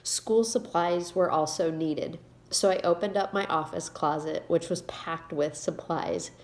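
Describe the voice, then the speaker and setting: Woman in her 40s, lower voice, personal video reading her own story, gets choked up, halting delivery. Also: a little mellow. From Indiana, USA. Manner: emotional, halting, reading aloud with pauses. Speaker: author and giving speaker.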